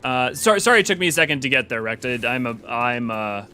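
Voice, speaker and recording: A man hosting a live game stream, chatting casually in an animated, rambling way with some swearing. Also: medium pitch, fairly quick, clean tone. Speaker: game streamer and lore host.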